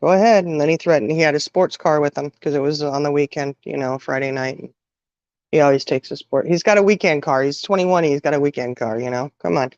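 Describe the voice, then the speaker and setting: A woman's voice: sits low, darkish tone, dry recording. Middle-aged woman telling a hard story. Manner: halting, full of "you know" and restarts. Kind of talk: emotional personal storytelling. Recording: dull, dry sound.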